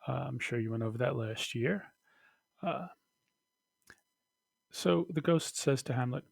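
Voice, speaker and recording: A man teaching a recorded lesson, talking slowly with many fillers and restarts. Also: medium pitch, gravelly, breathy edge, no room sound.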